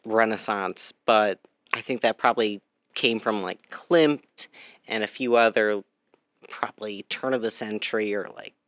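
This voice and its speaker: A man's voice: fairly low pitch, fairly bright tone, dry recording, studio quality. A man, a guest artist, answering interview questions in a thoughtful, hesitant way.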